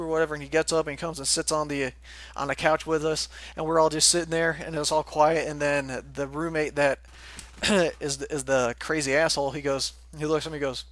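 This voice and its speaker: A man's voice: on the high side, steady tone, fast, fairly bright tone, no room sound. A young man casually telling a rambling story, laughing often and swearing freely. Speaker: forum moderator telling a story.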